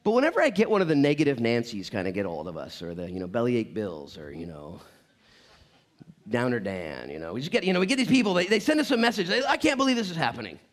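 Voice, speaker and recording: Lively, joking man preaching a sermon. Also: medium pitch, fast talker. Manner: animated, joking, storytelling with repeated words. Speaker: pastor. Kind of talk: conversational sermon.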